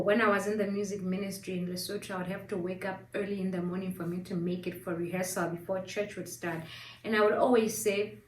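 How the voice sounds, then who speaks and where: A woman's voice: medium pitch, recorded from a distance. A woman in her thirties telling a personal story in a casual vlog, acting out her gasps and crying. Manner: animated, acts out her own crying and gasps. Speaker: storyteller vlogger. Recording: echoey room, set back from the mic.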